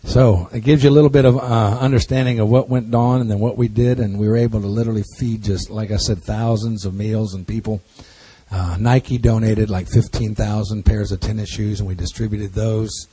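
A male pastor tells stories to his congregation in a folksy, joking style, laughing along the way. His voice is lowish, steady, and brisk, dark in tone and slightly rough.

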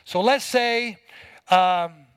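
High-voiced folksy man preaching. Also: very slow, a bit bright, smooth, no room sound, poor audio. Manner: folksy, emphatic preaching with everyday examples. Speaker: pastor. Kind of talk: sermon.

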